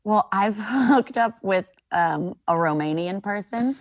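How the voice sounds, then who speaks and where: A young woman co-hosting a casual podcast chat, wry and quick to laugh. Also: mid-range voice, animated, no echo. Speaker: podcast co-host.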